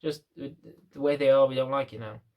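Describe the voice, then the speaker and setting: Ranting to camera in British English, a young dog trainer fires off lots of rhetorical questions as he vents. He has a medium-pitched, darkish voice, fairly even in intonation and fairly quick.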